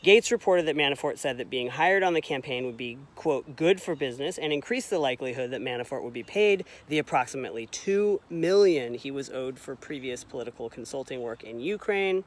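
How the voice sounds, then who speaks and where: A man's voice: mid-range voice, lively intonation, a little fast, few pauses. A man reading a long report aloud in a casual way, reading out the footnote numbers, correcting his own slips and adding wry asides. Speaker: reader of a report.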